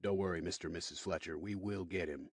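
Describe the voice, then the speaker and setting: A man playing a low, reassuring police officer. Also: steady tone, fast, darkish tone, dry recording, clean studio sound.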